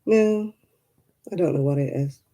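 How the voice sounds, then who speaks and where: A woman's voice: on the low side, measured pace, mellow. A woman hosting a casual craft live stream, chatty and rambling, laughing often.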